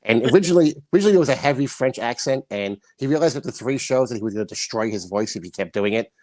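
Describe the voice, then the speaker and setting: A man chatting playfully on a livestream about puppets, now and then slipping into a high sing-song voice. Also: animated, racing, a little mellow, no echo. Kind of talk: casual chat on a livestream.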